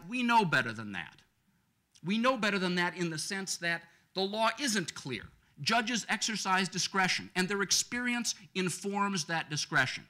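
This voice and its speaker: A man speaking on a law school panel, arguing his case with rhetorical questions and an animated, persuasive manner. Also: high voice. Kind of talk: lecture-panel argument. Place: law school lecture event.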